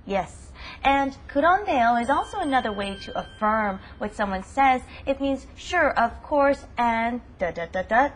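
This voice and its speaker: A woman hosts a language lesson in a high, clear voice. She teaches with upbeat emphasis and slows down to drill each word. A faint hiss sits under the recording. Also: expressive.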